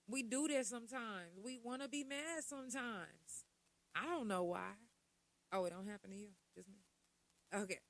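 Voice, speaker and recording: A woman's voice: mid-range voice, animated, normal speed, fairly bright tone, poor audio. Middle-aged woman on her podcast, chatty, keeps throwing rhetorical questions at the listeners. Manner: conversational, full of rhetorical questions and asides. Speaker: podcast host. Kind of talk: casual podcast monologue.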